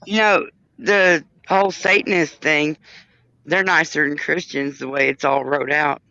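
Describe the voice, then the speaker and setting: Male co-host, high bright voice, dull dry sound. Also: fairly even intonation, unhurried, dry recording. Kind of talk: casual livestream chat.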